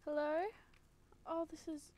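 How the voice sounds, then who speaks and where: Excitable high-voiced woman streaming a game. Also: a little slow. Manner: excitable, swears freely, gasps and exclaims. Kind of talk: live gameplay commentary. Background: game music.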